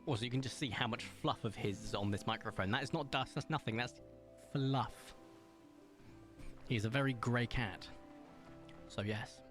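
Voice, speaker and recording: A man of thirty talks casually into his desk microphone while streaming a game from home. He slips into a high, coaxing voice to talk to his cat. Faint game music runs underneath. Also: normal speed, a bit bright. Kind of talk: casual gaming stream chat.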